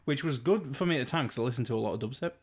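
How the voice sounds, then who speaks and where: A young man from England with an ordinary mid-pitched voice, co-hosting a casual podcast. He is easygoing and laughs often through his stories. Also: very fast, husky. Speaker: podcast co-host. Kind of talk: casual chat.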